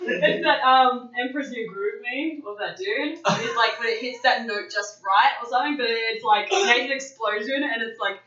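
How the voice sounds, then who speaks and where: A woman's voice: on the high side, moderate pace, pushed and bright, a little hiss or hum. A woman hosting a casual podcast chat, swearing and laughing often. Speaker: podcast host. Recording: roomy, distant, dull lo-fi recording.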